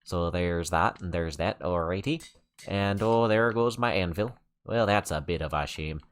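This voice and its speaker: A rambling gamer with a deliberately clumsy, exaggerated Canadian accent, as a man puts it on, tossing in "eh" and "bud" over let's-play commentary. The voice sits fairly low and the talk is loose and full of fillers. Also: clear, resonant tone. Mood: chatty. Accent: put-on Canadian.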